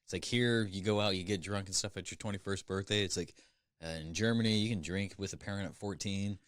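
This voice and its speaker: A man with a low voice drops dry jokes and relaxed comments into a podcast chat. He talks in a loose, unhurried way. The recording is close and dead, with no room sound. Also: dry recording. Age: adult parent. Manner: wry, joking asides. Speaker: podcast co-host. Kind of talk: casual chat.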